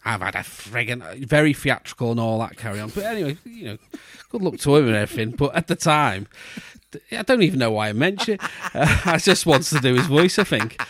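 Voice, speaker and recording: A man's voice: fairly high pitch, big pitch swings, fairly quick, a bit bright, no room sound. A middle-aged man, telling a long, rambling story in casual podcast chat, full of restarts and fillers. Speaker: podcast co-host.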